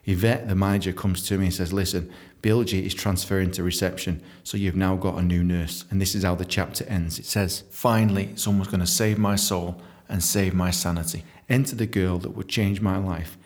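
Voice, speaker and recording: A young man telling stories in a casual, profane, animated monologue, often laughing and mimicking other people. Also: deep voice, fairly quick. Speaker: podcast host telling stories from his book.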